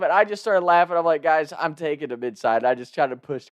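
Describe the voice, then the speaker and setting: Young guy telling a crazy story, voice sits a bit high, laughs a lot and yells the quotes. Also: fast, few pauses, clear, resonant tone. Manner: animated, laughing, shouts quoted lines. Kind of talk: casual storytelling.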